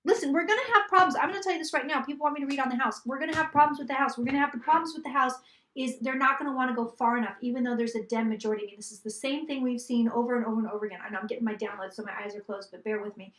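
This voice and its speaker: A woman psychic giving a reading, rattling off predictions in a rapid, run-on way and repeating points for emphasis. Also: sits high, fairly even intonation, a bit bright, roomy sound. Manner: rapid run-on delivery, talking like an auctioneer; emphatic, repeating lines for stress. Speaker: psychic reader. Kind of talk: live tarot reading.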